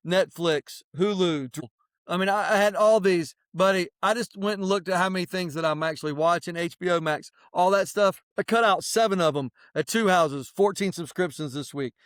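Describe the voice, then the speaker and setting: Podcast co-host, male, higher-pitched, blunt and animated, dry close recording. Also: clean tone, dry recording. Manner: animated, preachy advice-giving; plain-spoken, mild swearing. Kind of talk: casual chat.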